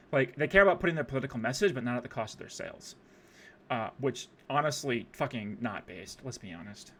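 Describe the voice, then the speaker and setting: A man's voice: mid-range voice, fairly bright tone. A young man streaming, rambling through casual profane commentary on a music video with lots of fillers.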